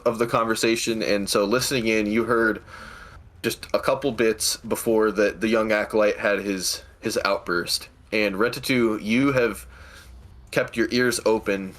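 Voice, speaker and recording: A man's voice: lowish voice, a bit bright. A man narrating as game master of a tabletop game, hesitant with restarts. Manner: hesitant, many fillers and restarts.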